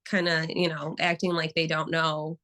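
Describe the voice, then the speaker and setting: Bright-voiced woman telling stories. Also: sits low, moderate pace, rough recording. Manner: animated storytelling with acted quotes. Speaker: therapist guest. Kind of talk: casual interview talk.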